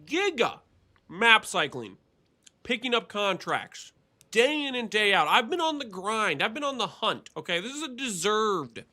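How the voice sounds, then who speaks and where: A man streaming a game live, chatting casually with viewers in an excitable, teasing way and laughing often. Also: high voice. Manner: excitable, teasing, quick to laugh and banter with chat. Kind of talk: casual live gameplay commentary to chat.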